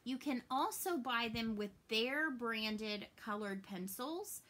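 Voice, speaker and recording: Speaking from home in her cross stitch vlog, this Southern American woman in her thirties talks to camera at a slow pace with a fairly high, animated voice. She's chatty and forthcoming, letting her words fade gently when she feels sad.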